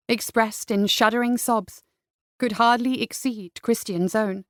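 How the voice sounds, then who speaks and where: A woman narrating a romance audiobook in a smooth, even storytelling manner. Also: a little high, measured pace, dry recording, clean studio sound. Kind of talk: scripted narration.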